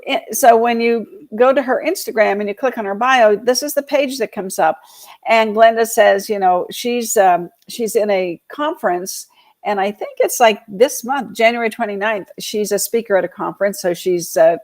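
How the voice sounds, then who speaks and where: A woman from Georgia hosting a casual live show on real estate, chatty and rambling, with many fillers and laughs. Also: medium pitch. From Georgia, US South. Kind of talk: casual live-stream talk.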